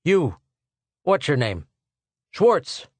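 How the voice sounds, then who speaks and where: A man's voice: mid-range voice, expressive, normal speed, no room sound, natural voice. A man voicing a grim, proud male archaeologist who presses with urgent, demanding questions in a dry recording.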